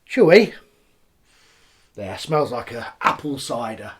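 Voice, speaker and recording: A man's voice: medium pitch, very animated, slow pace, husky. A man casually reviewing beers and cider on camera, chatty and rambling as he tastes each one. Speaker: beer reviewer.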